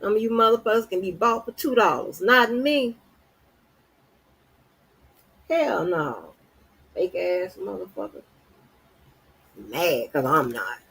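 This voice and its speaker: A husky woman rants at her viewers in an angry, unscripted livestream. Her pitch swings widely as she curses and confronts people. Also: animated, moderate pace, a bit bright, poor audio. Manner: profane, heated, confrontational. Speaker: livestream host.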